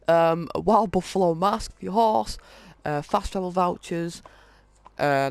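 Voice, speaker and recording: Guy doing a casual game walkthrough, lots of uhs, smooth clear voice, dry sound. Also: a little high, no room sound. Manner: reads off item lists, halting with frequent fillers. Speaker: gaming video host.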